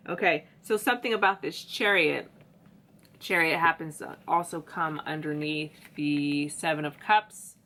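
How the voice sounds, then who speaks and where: A woman's voice: low voice, fairly even intonation, moderate pace, bright, forceful tone, a little hiss or hum. A woman giving a casual tarot reading, chatty and slangy, talking straight to her viewers. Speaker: tarot reader.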